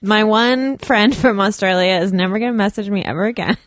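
A woman's voice: medium pitch, no echo. Giggly woman on a dry mic. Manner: chatty, giggly, quick to tease. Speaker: podcast co-host. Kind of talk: casual chat.

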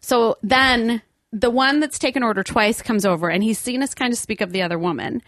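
A woman telling a story in a casual chat, animated and laughing often. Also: fairly high pitch, a little fast, no room sound.

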